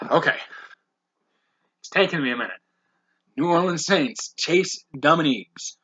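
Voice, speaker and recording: A man hosting a podcast, briskly reading off a long list of names with blunt, profane asides. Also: a little high, animated, bright, forceful tone, breathy edge, lo-fi sound. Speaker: podcast host.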